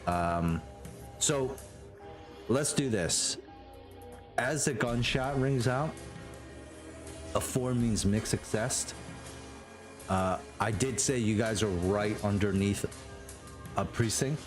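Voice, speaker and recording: Man, game master, slow and rambling narration, low voice, faint music behind. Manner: unhurried, full of fillers and restarts.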